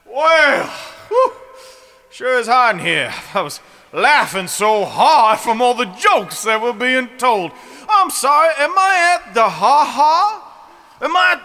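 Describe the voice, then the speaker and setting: A man's voice: extremely high pitch, pushed and bright, in a large hall, full character voice. A man playing a folksy, drawling prosecutor with a put-on Southern accent in a comedic improv courtroom scene. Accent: put-on American Southern. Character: folksy self-styled Southern lawyer, male, young adult.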